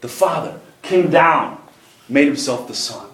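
A man's voice: a little high, lively intonation, a little slow, fairly bright tone, echoey room. A man preaching a sermon, reading scripture aloud and driving his points home with rising emphasis.

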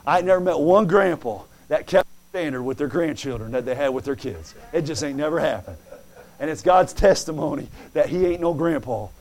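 A preacher man with a high voice delivers a fervent sermon. He reads scripture aloud and acts out quoted voices in dialogue. His delivery moves from hushed asides to ringing exclamations. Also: fairly quick. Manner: fervent, swings from soft asides to loud exclamations.

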